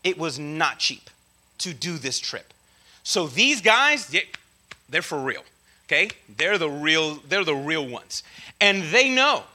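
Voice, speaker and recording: A man's voice: on the high side, very animated, takes it slowly, bright, forceful tone. A man preaching a casual teaching sermon, talking in a slangy, conversational way with many asides and check-ins to the audience. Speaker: preacher teaching a Bible study.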